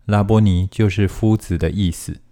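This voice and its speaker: A man reading Bible passages aloud in a steady, formal manner, phrase by phrase. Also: fairly low pitch, moderate pace. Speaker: scripture reader.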